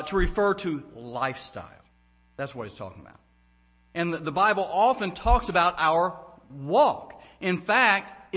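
A man's voice: a little high, fairly bright tone. A male pastor giving a brief devotional challenge to a congregation, earnest and emphatic when quoting scripture.

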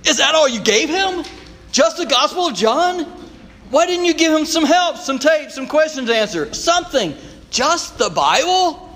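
A male preacher voicing a fellow pastor, a man who fires off loud, exasperated questions. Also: very high voice, big pitch swings, voice pushed up, full character voice. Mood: incredulous. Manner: loud, rapid-fire questioning. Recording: long reverb of a large hall.

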